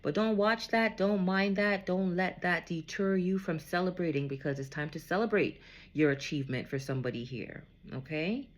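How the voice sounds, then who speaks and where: Speaking at a moderate pace in a lowish voice, this woman offers a relaxed spiritual card reading to a listener who isn't heard. She's comforting throughout and often pauses to ask "okay?"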